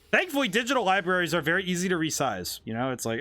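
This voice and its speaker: A male streamer with a fairly high, bright voice talks through his gameplay in a loose, rambling way. His pitch swings around a lot as he thinks aloud, and game music plays faintly behind him. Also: expressive, rapid-fire. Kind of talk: casual live-stream commentary while playing.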